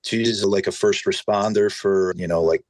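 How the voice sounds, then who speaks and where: A man from New Jersey with a New Jersey accent, chatting casually on a podcast as a hot sauce maker, animated and swearing freely. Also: fairly low pitch, moderate pace, no echo, rough recording. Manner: animated storyteller, curses freely, filler-heavy.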